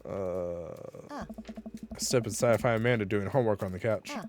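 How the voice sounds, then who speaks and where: A man's voice: lowish voice, animated, moderate pace, a little mellow. A tipsy man on a casual charity stream, reading game dialogue aloud and laughing often between lines.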